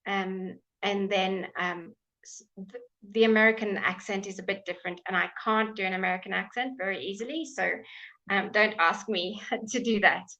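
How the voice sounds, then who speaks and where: A woman's voice: mid-range voice, fairly even intonation, normal speed, bright, forceful tone. A woman with an English accent teaching pronunciation in a live online lesson, patiently drawing out example words for learners to repeat. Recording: dull lo-fi stream audio.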